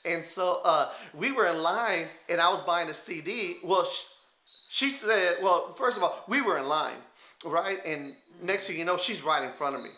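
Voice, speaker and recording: A man with a Texan accent telling a lively story as a guest on a talk show, acting out what people said and laughing often. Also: high voice, moderate pace. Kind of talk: animated storytelling. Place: television studio. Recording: roomy studio echo.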